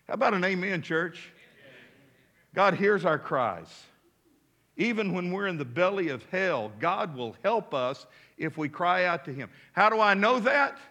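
A male pastor preaches in a high, ringing, sharply bright voice. He drives his points home with emphasis, calling out for responses from the congregation and dropping in relaxed, conversational asides. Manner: casual asides amid preaching. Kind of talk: sermon. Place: church.

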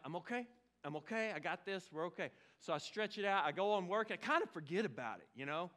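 A man's voice: high voice, fairly bright tone. A man, preaching a sermon as pastor, telling a humorous, self-deprecating story and joking with the congregation. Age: 40s. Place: church sanctuary.

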